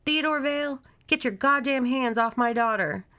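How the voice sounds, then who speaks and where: A woman voicing a fierce, defiant mother who shouts commands at a monster in her house. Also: medium pitch, a little fast, lightly acted. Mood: furious.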